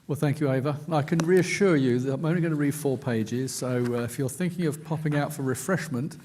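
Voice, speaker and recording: A man, an investigative journalist, reading aloud from his own book at a conference, in a measured, dry storytelling manner. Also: on the high side, a little mellow, slight background noise. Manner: measured, dry storytelling read with quoted asides. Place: conference stage.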